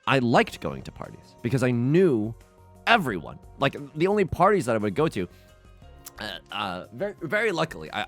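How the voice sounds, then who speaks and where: A man's voice: lowish voice, fairly bright tone. A young man hosting a let's play, chatting casually and mock-outraged at his luck in a self-deprecating way. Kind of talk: casual gameplay commentary.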